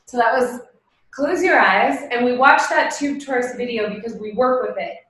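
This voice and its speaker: Animated woman teaching meditation, echoey room. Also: on the high side, a little fast. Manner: animated and emphatic, with many rhetorical questions. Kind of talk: casual spoken talk before a guided meditation.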